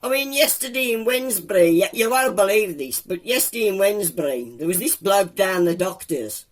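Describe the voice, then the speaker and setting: A woman's voice: medium pitch, animated, brisk, close to an everyday voice. A woman voicing a grumbling male womble creature with a Black Country accent, talking in a drawling, moaning comic monologue.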